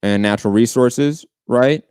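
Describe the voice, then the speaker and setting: A man's voice: medium pitch, normal speed, a little mellow, clear, resonant tone, no room sound, studio quality. A man co-hosting a political podcast debate, pressing his opponent with long probing questions. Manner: probing, pushes back with questions. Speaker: podcast co-host.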